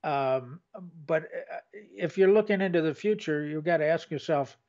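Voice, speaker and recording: A man co-hosting a relaxed conversation, talking plainly and poking fun at himself. His voice sits a little high, and the audio comes through muffled and dull. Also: normal speed. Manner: plainspoken, self-deprecating humor. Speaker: co-host. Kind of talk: casual chat.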